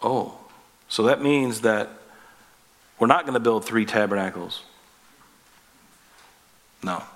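A man preaching a conversational sermon as pastor, folksy and jokey, calling his listeners folks and guys, and climbing higher and louder on his emphatic points. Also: slow, long pauses.

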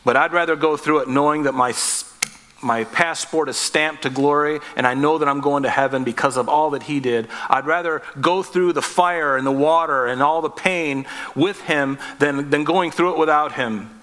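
A man's voice: a little high, fairly even intonation, normal speed, fairly bright tone, long reverb tail. A man preaching a sermon as pastor, earnest and emphatic, asking the listeners direct questions.

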